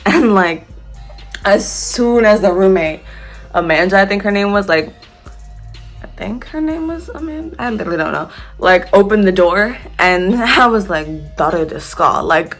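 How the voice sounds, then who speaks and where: A woman's voice: fairly low pitch, fairly bright tone. A young American woman casually telling a storytime tale, chatty, laughing and swearing freely. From United States.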